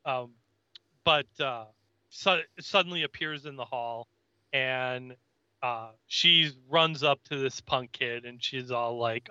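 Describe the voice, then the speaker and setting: A man's voice: mid-range voice, takes it slowly, pushed and bright, clean tone, no echo, highs cut off. A man co-hosting a podcast, chatting casually as he recaps an episode and acts out the characters' lines. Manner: retells scenes, acting out character lines. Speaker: podcast co-host.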